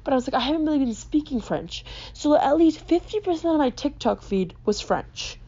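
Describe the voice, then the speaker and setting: A woman's voice: high-pitched, lively intonation, fairly quick, mellow, dull audio. A young woman hosting a podcast, telling exasperated stories full of swearing from her basement bedroom. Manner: profane, exasperated storytelling. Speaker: podcast host. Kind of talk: ranting podcast monologue.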